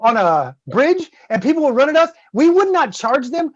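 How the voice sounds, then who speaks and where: Speaking at a moderate pace with hardly any pauses, this middle-aged man has a very high voice. As a guest host on a podcast, he spins a rowdy, profane story, performing quotes and crash noises with animated energy, captured in dull, dry, lo-fi sound without echo.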